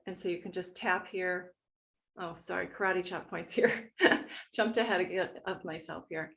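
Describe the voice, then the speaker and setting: A woman leading a guided tapping meditation, speaking gently and instructively as she walks listeners through each point. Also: on the low side, gravelly. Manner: gentle, instructive, slow and soothing.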